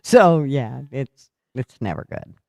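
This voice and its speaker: A man's voice: mid-range voice, very animated, slow, gravelly, a little mellow, no room sound, clean studio sound. A man hosting a casual talk show, telling rowdy stories with lots of swearing and laughter. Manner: profane, laughing storyteller. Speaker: podcast host. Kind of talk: casual storytelling chat.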